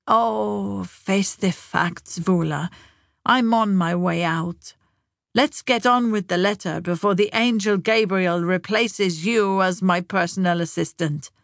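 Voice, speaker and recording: A woman's voice: medium pitch, creaky, no room sound, studio quality. Woman voicing a blunt ninety-year-old grandmother. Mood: blunt, determined. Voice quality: flat, slow, deliberate.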